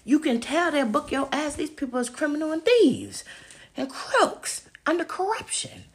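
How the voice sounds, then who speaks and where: A woman podcast host ranting casually to her listeners, loud and emphatic, swearing constantly and calling them y'all, talking into a phone as she walks around her house. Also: high voice, big pitch swings, normal speed. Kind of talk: casual profane rant to listeners. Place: at home, walking around the house.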